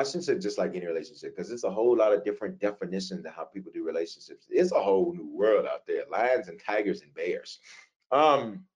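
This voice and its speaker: Pastor guy answering prayer questions, lowish voice, chatty and lively, throws out rhetorical questions. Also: muffled recording. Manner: conversational, animated preaching with rhetorical questions.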